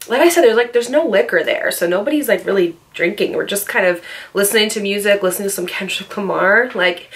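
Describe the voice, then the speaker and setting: A woman vlogger telling a storytime in a loose, chatty flow, full of asides and filler words. Her voice sits in an ordinary middle pitch. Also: expressive, brisk, fairly bright tone. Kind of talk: storytime vlog.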